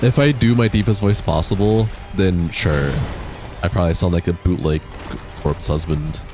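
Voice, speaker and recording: A man's voice: deep voice, steady tone, moderate pace, over music. A young man streaming a game, chatting casually, reading chat aloud and laughing often. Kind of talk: casual livestream chat while gaming.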